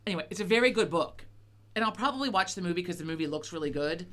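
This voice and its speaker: A woman's voice: on the low side, lively intonation, rapid-fire, fairly bright tone. A middle-aged woman co-hosting a chat podcast, rambling casually and swearing a lot, with many fillers and restarts. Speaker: podcast co-host.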